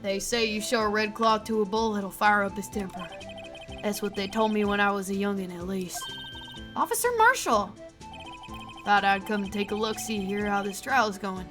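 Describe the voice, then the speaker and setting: A woman's voice: mid-range voice, normal speed, over music, lightly acted. Easygoing drawling cowboy cop, game dialogue read aloud by a woman. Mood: folksy. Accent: put-on American cowboy drawl. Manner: easygoing, drawling folksy sayings. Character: folksy cowboy detective man, laid-back.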